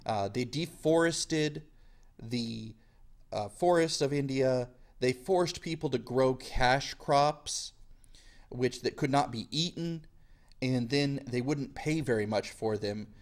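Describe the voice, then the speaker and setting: A man teaching a history lesson in a casual, lively way, sometimes slipping into quick silly voices. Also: medium pitch. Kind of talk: classroom lecture.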